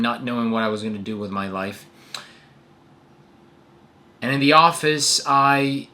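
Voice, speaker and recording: A young man in his twenties telling a personal story to camera in an earnest, animated way. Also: on the low side. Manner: earnest, animated retelling with acted quotes. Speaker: vlogger. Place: New York City.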